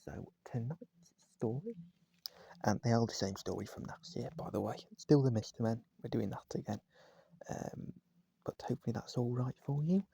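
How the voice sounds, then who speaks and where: A man reading a children's storybook aloud at home, gentle and speaking straight to his listeners. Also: medium pitch, animated, moderate pace, vocal fry, breathy edge, no echo. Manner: gentle, addresses listeners directly. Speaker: vlogger reading a bedtime story. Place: at home, indoors, cat on his knee.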